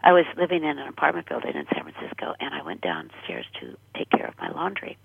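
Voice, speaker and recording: An older woman with a deeply husky, gravelly voice tells her story in earnest and often sinks to a breathy near whisper. Her pitch rides up and down with lively swings. The sound is dry and tinny, like a phone line on the radio. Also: fast talker, no room sound. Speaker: guest. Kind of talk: personal testimony in a radio interview.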